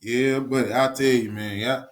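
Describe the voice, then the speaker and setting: A man's voice: mid-range voice, steady tone, unhurried. A man speaking in a casual, profane rant, cursing often, repeating himself and reading news items aloud. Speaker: commentator.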